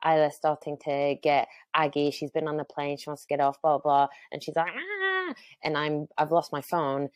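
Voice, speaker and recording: A woman's voice: deep voice, level tone, fairly quick, few pauses, no echo. A woman hosting a podcast, chatting casually with her sister and laughing often. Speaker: podcast host. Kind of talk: casual chat.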